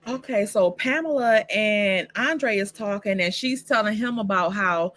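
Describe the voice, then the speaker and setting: Bright-voiced woman recapping soaps bluntly. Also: mid-range voice, measured pace. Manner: profane, blunt commentary; retells scenes by quoting the characters. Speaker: soap opera recap vlogger. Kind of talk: casual episode recap.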